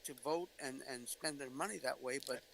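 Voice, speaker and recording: A man's voice: medium pitch, a little fast, vocal fry, noisy background. A man talking on a casual livestream, rambling and losing his train of thought.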